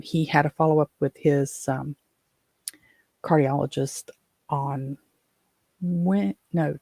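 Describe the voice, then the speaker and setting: A woman's voice: sits low, creaky, warm tone, no room sound, clean studio sound. A middle-aged woman from West Virginia hosting her own show, rambling through exasperated stories with lots of fillers. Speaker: podcast host. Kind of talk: casual chat.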